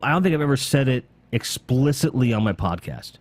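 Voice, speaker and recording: A man hosting a casual gaming podcast, talking excitedly in long rambling runs with casual swearing. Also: medium pitch, brisk, dry recording. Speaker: podcast host.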